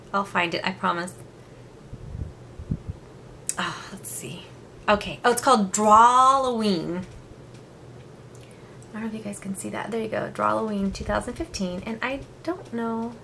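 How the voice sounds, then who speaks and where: A woman's voice: mid-range voice, sharp tone, slight background noise. A woman in her thirties chatting casually while showing her crafts on camera, giggling and poking fun at herself. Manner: chatty, giggly and self-deprecating. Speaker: craft vlogger. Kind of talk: casual chat. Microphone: camera mic.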